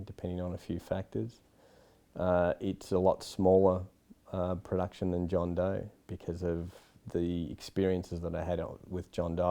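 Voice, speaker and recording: A man's voice: low-pitched, mellow. An Australian man, a film director, giving frank, rambling interview answers with many asides. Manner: rambling, frank, lots of "you know".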